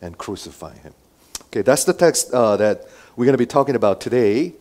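A man preaching a sermon who moves between loud emphatic lines and quiet asides, and asks his listeners many rhetorical questions. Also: mid-range voice, expressive, quick pace. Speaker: pastor.

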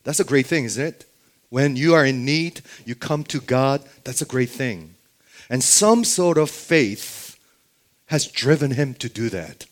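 A man's voice: medium pitch, lively intonation, measured pace. A man preaching a Bible sermon who keeps asking his listeners rhetorical questions and checking in with "okay?".

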